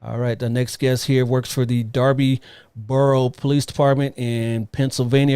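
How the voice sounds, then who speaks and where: Male live-show host on a video call, mid-pitched, chatty, repeats himself. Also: level tone, normal speed, warm tone, clean tone. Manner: upbeat, repeats phrases, loose filler. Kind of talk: live online interview show.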